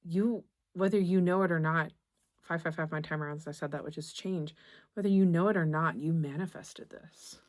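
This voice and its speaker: A young woman giving a tarot reading to camera, gentle and reassuring, halting often and restarting her phrases. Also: deep voice, steady tone. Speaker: tarot reader.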